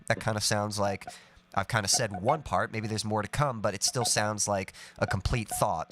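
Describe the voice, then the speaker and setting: A man of middle pitch teaches songwriting on a live stream and explains things patiently. He hums and sings little melody snippets as examples. The sound is close and dry, with no room around it. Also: lively intonation, normal speed, pushed and bright, no room sound. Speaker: songwriting coach.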